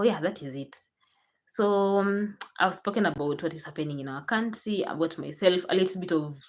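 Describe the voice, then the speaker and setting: Young Kenyan woman, low voice, chatty vlogger who repeats herself and restarts. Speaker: YouTuber. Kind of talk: casual chat to camera.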